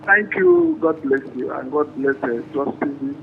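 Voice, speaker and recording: A man calls in to a sports phone-in, speaking effusively, with flattery and repetition. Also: fairly high pitch, normal speed, vocal fry. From Nigeria. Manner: effusive, flattering, repeats himself. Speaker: caller. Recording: muffled phone line with faint hum.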